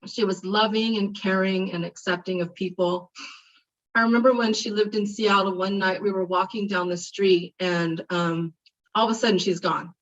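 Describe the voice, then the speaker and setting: A woman's voice: medium pitch, normal speed. Woman giving a eulogy, heard from afar. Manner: heartfelt, reminiscing, animated when retelling stories. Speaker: eulogy speaker. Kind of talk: memorial eulogy. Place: memorial service. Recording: distant, muffled mic.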